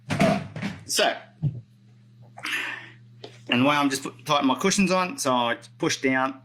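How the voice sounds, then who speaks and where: Middle-aged Australian man, bright and forward tone, casual rambling live-stream host who self-corrects a lot. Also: medium pitch, rough recording. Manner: chatty, rambling, self-correcting, reads out viewer comments. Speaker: roller skate hobbyist demonstrating maintenance.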